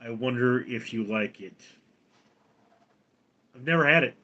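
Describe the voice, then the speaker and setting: A man hosting a casual livestream, rambling with halting restarts. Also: medium pitch, pushed and bright, highs cut off. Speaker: livestream host.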